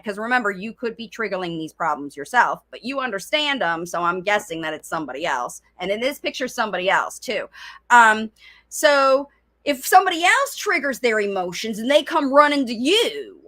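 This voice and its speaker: A woman's voice: a little high, very animated, normal speed, sharp tone. A middle-aged woman coaching parents in a chatty live-streamed talk, often speaking in a child's voice. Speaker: speech coach.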